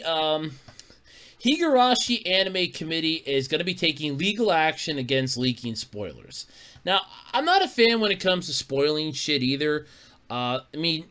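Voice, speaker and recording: Bright-voiced man rambling on a podcast. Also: fairly high pitch. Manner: rambling, swears casually, chuckles often. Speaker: podcast host. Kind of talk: casual solo podcast chat.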